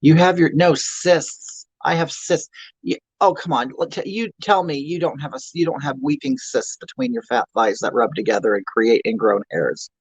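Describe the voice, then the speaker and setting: A man's voice: mid-range voice, normal speed, slightly rough, no echo, natural voice, low-quality recording. A man playing a crude, self-mocking obese middle-aged woman who rambles, stammers and answers chat comments on a comedy livestream. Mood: ranting, griping. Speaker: livestream comedy character host. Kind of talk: improvised livestream character comedy.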